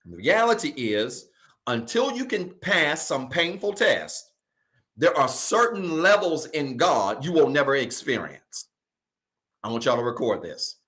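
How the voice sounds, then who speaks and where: A male pastor preaching a sermon to a virtual congregation from home, colloquial, often calling his listeners y'all, slowing down to stress key phrases and rushing through asides. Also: a little high, sing-song, a bit bright. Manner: preaching with slow emphatic stretches and quick asides.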